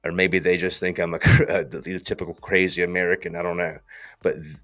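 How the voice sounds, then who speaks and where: A man's voice: low voice, flat delivery, a little fast, a bit bright. A man with a thick Southern US accent, hosting a rambling, slangy casual talk. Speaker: host.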